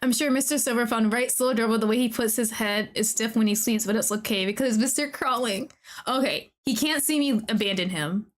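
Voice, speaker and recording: A woman streamer commenting on a game as she plays, gushing, excitable and talking straight to the characters. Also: a little high, brisk. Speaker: VTuber streamer. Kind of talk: let's-play commentary.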